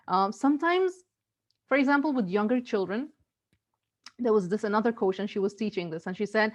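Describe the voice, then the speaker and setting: A woman's voice: medium pitch, expressive, a little fast, long pauses, lo-fi sound. A woman giving earnest parenting advice in casual talk, often repeating herself and restarting her sentences. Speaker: parenting coach.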